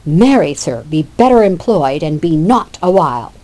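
A woman reading the loud, commanding lines of a haughty older brother who demands respect. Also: low-pitched, sing-song, moderate pace.

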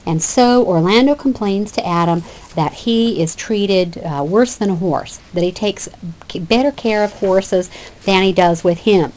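A woman's voice: medium pitch, a little slow, a little mellow. A woman teacher giving a lecture that explains a classic play scene by scene. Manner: explanatory, with fillers and restarts. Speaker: literature teacher.

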